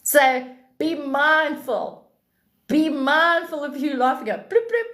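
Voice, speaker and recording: A woman, hosting a live stream with casual spiritual chat, animated and blunt and swearing freely. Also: high-pitched, slow pace. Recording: echoey room.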